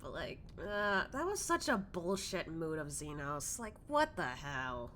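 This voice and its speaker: Young woman streamer, lively pitch, giggly casual chat. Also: measured pace, slight background noise. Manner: giggly, animated reactions.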